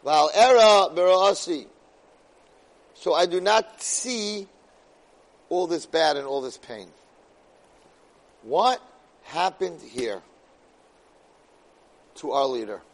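High-voiced man teaching Torah dramatically. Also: lively intonation, takes it slowly, pauses often, poor audio. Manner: dramatic, swings loud and soft, weaves Hebrew verses into English. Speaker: Torah lecturer. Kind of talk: weekly Torah portion class.

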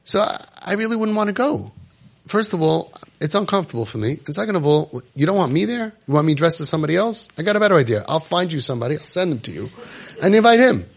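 A man's voice: very animated, fast talker, gravelly. Emotional man speaking to parents. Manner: emotional, acts out parent and child voices, drops to soft low tones. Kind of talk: impassioned talk to parents.

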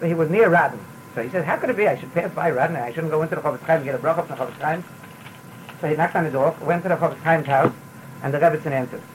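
A man's voice: fairly high pitch, slight background noise, low-quality recording. A man giving a sermon as a rabbi, repeating words and mixing in Yiddish phrases. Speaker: rabbi giving a Torah talk.

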